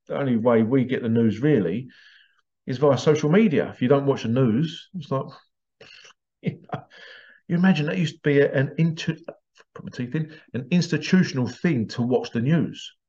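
A man's voice: medium pitch, animated, moderate pace, warm tone, highs cut off. Rambling man with vocal sound effects. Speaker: podcast host. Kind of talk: casual rambling monologue.

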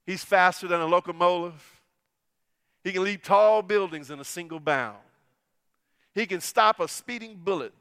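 A middle-aged man preaches a sermon, telling a story and moving between hushed lines and forceful, emphatic ones. His voice sits high and bright, with a smooth, resonant clarity. The sound is dry and close, with almost no room reverb. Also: normal speed, pauses often. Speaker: pastor.

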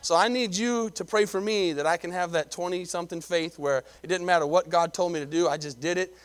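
A man's voice: high voice, a little fast, clean tone. A middle-aged man, a pastor delivering a sermon in a conversational way, often repeating himself and calling for amens.

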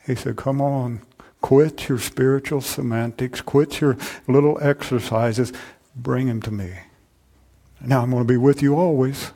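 A pastor delivers a sermon to his congregation, moving from loud, fervent stretches to quiet, intimate asides. He keeps repeating the phrase "I'm telling you."

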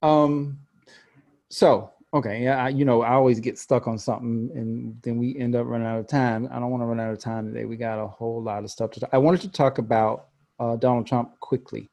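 A man's voice: medium pitch, steady tone, brisk, vocal fry, dark tone. A man hosting a podcast in casual chat, who laughs often and trails off mid-sentence. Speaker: podcast host.

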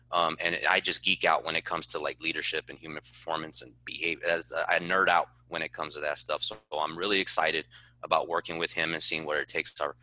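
Deep, sharp-toned earnest football coach, a man. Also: no room sound. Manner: earnest, passionate, repeats words when emphatic. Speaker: high school football head coach. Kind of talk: podcast interview answers.

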